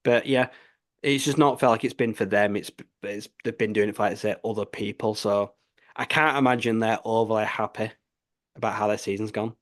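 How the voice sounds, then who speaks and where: A man's voice: fairly low pitch, steady tone, brisk. A man co-hosting a podcast, chatting casually about sport and repeating "like I say" between restarts. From United Kingdom. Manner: leans on the filler "like I say", restarts often. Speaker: podcast co-host.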